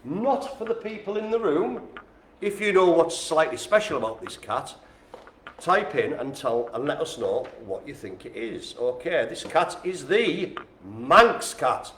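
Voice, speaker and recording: A man's voice: on the high side, lively intonation, measured pace, a bit bright, a little hiss or hum. A man calling bingo live in a care home, chatty and playful, joking with the room. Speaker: bingo caller. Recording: echoey room.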